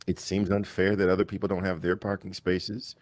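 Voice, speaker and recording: A man's voice: low voice, flat delivery, a little fast, no echo. A man on a live online panel telling a wry, self-mocking story in a casual way, with plenty of fillers. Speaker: mastermind panel member.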